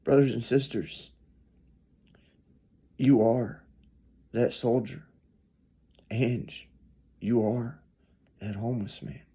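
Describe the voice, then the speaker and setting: A man preaching a storytelling sermon, earnest, swelling louder then dropping soft. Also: mid-range voice, takes it slowly, pauses often, husky.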